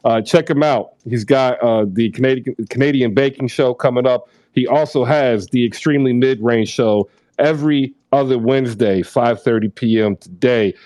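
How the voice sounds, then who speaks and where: A man in his thirties hosts a casual talk show with a loose, rambling delivery, laughing easily as he slides into an ad read. His voice sits in a middle pitch and sounds close and dry, with no room around it. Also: normal speed, darkish tone, dry recording. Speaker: host. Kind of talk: casual chat with ad reads.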